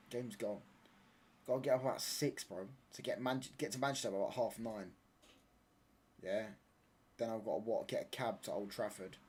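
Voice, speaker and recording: Here a young man with a husky, dark-toned, mid-range voice chats live over a football match for his watch-along audience. Frequent laughter and playful teasing of the chat mark his style, and "mate" or "pal" often closes his sentences.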